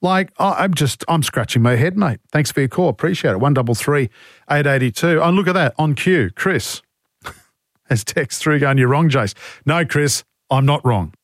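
A man's voice: on the high side, expressive, moderate pace, no room sound, studio quality. An Australian man hosting talkback radio, blunt and exasperated as he takes calls and reads out texts. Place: radio studio. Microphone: studio microphone.

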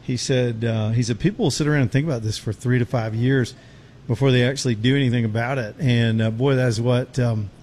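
A man's voice: mid-range voice, fairly even intonation, brisk, darkish tone, slight background noise. A middle-aged man, hosting a talk show on location, chatting in a folksy, rambling way while out of breath. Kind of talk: casual talk radio chat with live ad reads. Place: outdoors on a road show.

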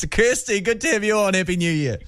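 Jokey high-voiced male radio host. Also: lively intonation, fairly bright tone, no echo, studio quality. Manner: joking, teasing, quick asides. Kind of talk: breakfast radio banter. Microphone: studio microphone.

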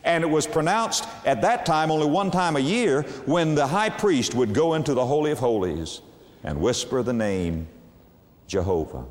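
A man's voice: on the high side, lively intonation. Emphatic male preacher in a reverberant hall. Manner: slow, emphatic preaching with dramatic pauses. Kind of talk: sermon.

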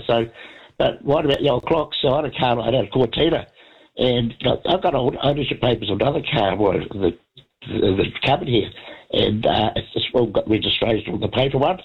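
A man in his 70s calls in to a radio show, his medium-pitched voice brisk, slightly rough and congested. He chats in a rambling, meandering way with many restarts, heard over a dull lo-fi phone line.

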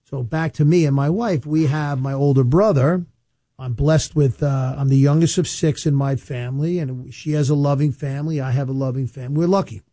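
A man, an estate planning attorney giving casual, chatty advice with storytelling asides and emphatic slowed-down points. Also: medium pitch, warm tone, no room sound, studio quality. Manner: emphatic, slows down to stress points. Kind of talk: casual advice monologue to camera.

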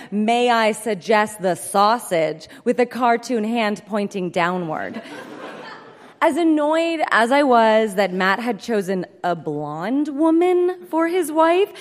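Woman, live comic story reading, deadpan, brisk, reverberant hall. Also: fairly high pitch. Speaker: comedic storyteller. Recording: echoey hall.

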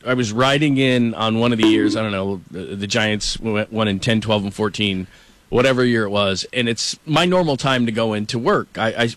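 A middle-aged man talks sports in a loose, casual way, slipping into animated stories. His voice sits at an ordinary pitch for a man. The sound is dry and close, with no room around it. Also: dry recording. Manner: storytelling, animated, quotes people. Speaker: sports show host.

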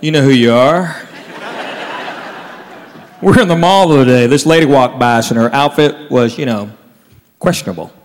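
A man doing a stand-up comedy set, telling stories with animated delivery and quiet low asides. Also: normal speed, long pauses. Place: stage in a large hall. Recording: live hall, faint crowd. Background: faint audience and room noise.

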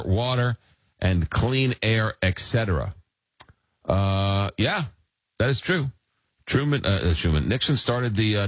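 Husky-voiced male radio talk host. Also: on the low side, dry recording. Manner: reads listener messages aloud, many fillers and restarts. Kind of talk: late-night call-in radio talk.

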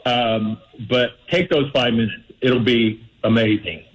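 A man's voice: mid-range voice, steady tone, unhurried, poor audio. A man calling in to a radio show, giving earnest, friendly advice with a few fillers. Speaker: caller. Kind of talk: phoned-in advice.

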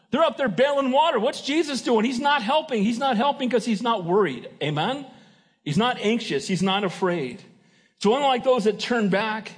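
A man's voice: high-pitched, slightly rough. A middle-aged man preaching a sermon in a conversational way, often checking in with his congregation. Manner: conversational preaching with frequent "Amen?" call-outs. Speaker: pastor.

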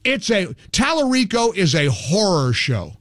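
A male talk host with a high, lively voice that leaps up and down as he argues. He speaks emphatically, restarting sentences when he gets worked up. The sound is dry and close. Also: a little slow, no room sound. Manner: animated, emphatic, frequent restarts. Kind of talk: opinionated political talk.

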